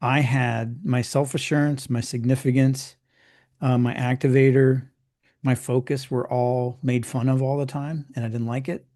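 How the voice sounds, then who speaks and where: A man's voice: mid-range voice, little pitch movement, warm tone. A middle-aged man coaching in casual conversation, chatty and explaining with homely examples. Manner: chatty, acts out clients in quick put-on voices.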